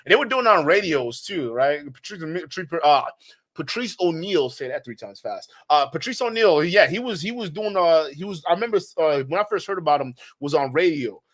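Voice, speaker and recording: A man's voice: fairly high pitch, lively intonation, brisk. Joking man reading super chats. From Nigeria. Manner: joking, rambling, laughs often, shouts out viewers. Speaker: livestream commentator. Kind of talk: casual livestream commentary reading super chats.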